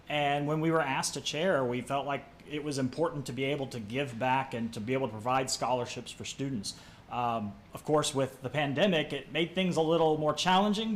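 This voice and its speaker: A man speaking as event co-chair, sincere and steady with some fillers. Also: mid-range voice, a little hiss or hum.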